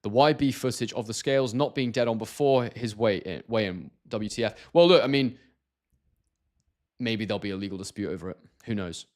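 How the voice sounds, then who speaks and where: A man's voice: lowish voice, brisk, a little mellow. Hesitant man hosting a live stream. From Scotland. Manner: hesitant, many fillers and restarts. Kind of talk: casual live-stream chat, reading viewer comments.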